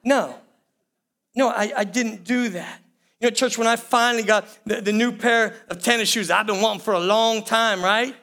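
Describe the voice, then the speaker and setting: A man's voice: sits high, moderate pace, bright, forceful tone. A man preaching a sermon, talking conversationally and addressing the congregation directly with repeated phrases. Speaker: pastor.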